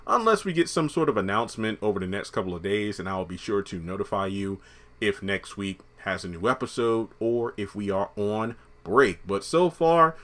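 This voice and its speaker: A man with a slightly low voice reviews a TV episode in a loose, chatty way. He jokes as he goes and lets the odd curse word slip. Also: expressive, moderate pace, a bit bright. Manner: chatty and joking, with casual profanity. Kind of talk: casual spoken episode review.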